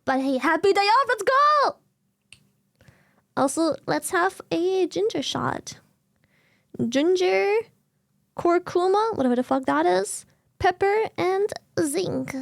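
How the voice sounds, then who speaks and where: High, giggly young woman streamer. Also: measured pace, vocal fry, no room sound, clean studio sound. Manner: giggly, swears casually, animated reactions. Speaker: livestream host. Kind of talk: casual chat with stream chat.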